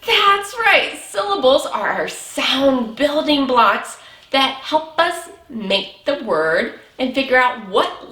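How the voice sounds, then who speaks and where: High, animated preschool teacher woman. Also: echoey room. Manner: slow, exaggerated, encouraging teacher talk with praise. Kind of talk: early reading lesson for young children.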